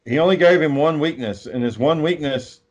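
A man's voice: on the high side, moderate pace, darkish tone. A man, telling rambling, profane stories in a casual chat. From Texas. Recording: dull lo-fi sound.

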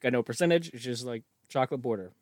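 A man's voice: medium pitch, fast, no room sound. Guy joking around on a podcast, laughs a lot, mid voice, dry sound. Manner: joking, laughs often, playful wordplay. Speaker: podcast co-host. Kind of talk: casual chat.

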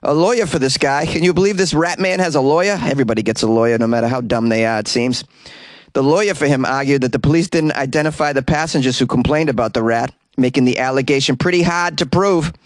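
A man's voice: mid-range voice, fast, no room sound. A man with a Boston accent hosting a comedy news podcast, rambling and joking through digressions. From Boston, USA. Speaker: podcast host. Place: small closet.

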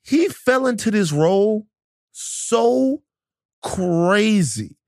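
Lively, swearing podcast host, a man. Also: high-pitched, very slow, no echo, clean studio sound. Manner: animated and profane, joking. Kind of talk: casual podcast conversation.

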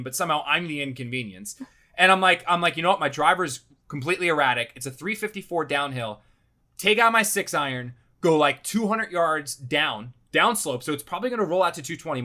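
A man telling a casual anecdote in an animated, rambling way, swearing often and repeating "I'm like". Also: a little high. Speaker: storyteller.

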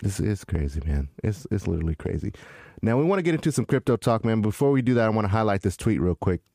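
A man co-hosting a casual podcast, excitable and slangy as he chats. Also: lowish voice, quick pace, creaky, no room sound, clean studio sound. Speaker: podcast co-host. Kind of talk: casual crypto chat.

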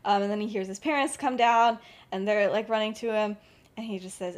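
A woman's voice: mid-range voice, brisk. A young woman on a podcast, casually retelling her fan-fiction story, chatty and full of "like" and "um". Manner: chatty, full of "like" and "um", laughs often. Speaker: podcast co-host.

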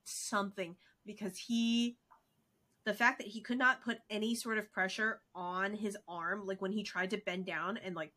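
A woman co-hosting a casual sports podcast, recapping games in an animated, excitable way with lots of fillers. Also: mid-range voice, moderate pace. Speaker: podcast co-host.

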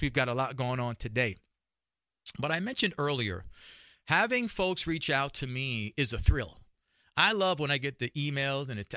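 A man with a New York accent hosts his own talk show with punchy energy, repeating phrases for emphasis. His voice is bright and forceful and sits a little above the usual male pitch. The sound is dry and close, with no room behind it. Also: dry recording. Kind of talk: solo podcast monologue.

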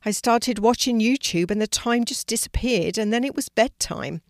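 An older woman reading a storybook, voicing a lazy, easygoing young schoolgirl who talks loudly. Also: a little high, moderate pace, dry recording, clean studio sound, pitched above the performer's own voice, lightly acted.

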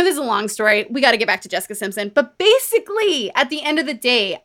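A woman podcast host in casual chat, telling stories in a chatty, animated way. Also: fairly high pitch. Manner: chatty, animated storytelling with laughs and quoted voices. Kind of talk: casual chat recapping a book.

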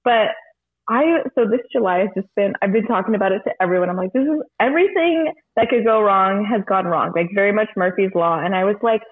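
A woman who works as a bartender, co-hosting in casual chat, telling animated stories, acting out quotes and swearing freely. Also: mid-range voice, fairly quick, breathy edge, narrow, tinny audio. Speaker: bartender, podcast co-host.

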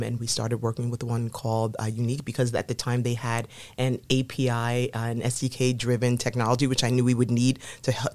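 A woman's voice: extremely low pitch, a little mellow, no echo. A woman guest on a podcast talking casually, chatty and full of fillers and restarts. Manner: chatty, many fillers and restarts, laughs often. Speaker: podcast guest, innovation lead. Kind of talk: casual interview talk.

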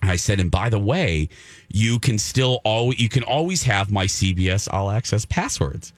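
A man's voice: fairly low pitch, expressive, moderate pace, dry recording. A man hosting a radio show, casually telling a story on air and acting out his own reactions.

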